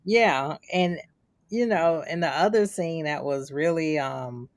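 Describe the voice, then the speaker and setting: A woman's voice: low-pitched, slow, no room sound. A woman co-hosting a podcast, chatting casually about a TV episode and acting out quoted lines as she retells scenes. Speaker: podcast co-host. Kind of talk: casual chat reviewing a TV episode.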